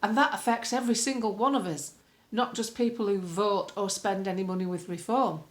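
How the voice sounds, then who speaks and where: A woman's voice: mid-range voice, fairly quick. A woman from the UK talks straight into the camera from her home. She delivers a blunt, opinionated political monologue with a colloquial, earthy turn of phrase. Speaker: political commentator.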